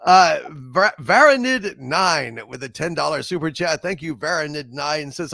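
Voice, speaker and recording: Man, podcast host, casual movie chat, gravelly voice, lively pitch. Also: moderate pace, no room sound, clean studio sound. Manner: animated, chatty, laughs often.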